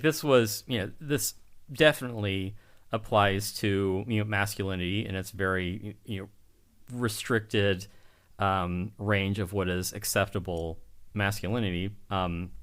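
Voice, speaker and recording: Male podcast co-host, lowish voice, loose rambling chat full of restarts and fillers. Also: fairly bright tone, smooth. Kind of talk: casual chat.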